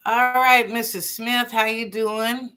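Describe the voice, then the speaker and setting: A woman hosts a live psychic reading show in a crisp, bright voice. She reads each viewer's question aloud and answers in a relaxed, chatty way. She laughs easily and offers blessings to her callers. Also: a little high, takes it slowly. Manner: reads chat questions aloud then interprets them. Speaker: psychic reader and show host.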